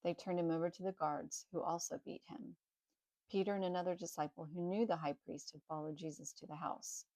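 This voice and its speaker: A woman reading a Bible story aloud in a plain, steady way with small slips. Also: on the low side, brisk, no echo, rough recording. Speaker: narrator.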